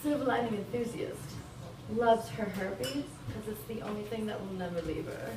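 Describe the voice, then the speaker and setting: A young Bolivian woman performs a stand-up comedy set for a live audience in a small venue, rambling, crude and laughing often. Her voice is mid-range at a moderate pace, captured in a roomy, distant, noisy live recording.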